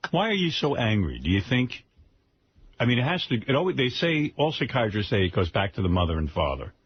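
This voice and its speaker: A man's voice: medium pitch, big pitch swings, fairly quick, husky, no echo. A man hosting a radio show, teasing and prodding a guest with repeated questions. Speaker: radio host. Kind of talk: radio studio banter. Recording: dull radio broadcast.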